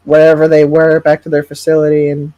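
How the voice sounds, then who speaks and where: Mellow-voiced podcast co-host man. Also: fairly high pitch, monotone, dry recording, muffled recording. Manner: halting, repeats words while finding his point. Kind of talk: casual esports podcast chat.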